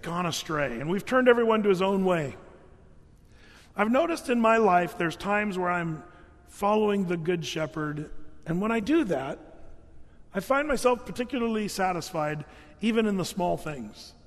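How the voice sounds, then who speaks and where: A man preaching with a notably high voice, talking in a loose, conversational way full of fillers and restarts. His voice rings out with a long reverb, as though filling a large hall. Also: animated, moderate pace. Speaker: pastor. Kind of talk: sermon.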